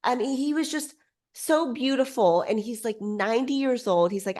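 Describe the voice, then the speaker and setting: A woman guest on a podcast, telling a story in a bubbly, excitable way, full of quick restarts. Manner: lively swings in pitch. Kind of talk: casual storytelling.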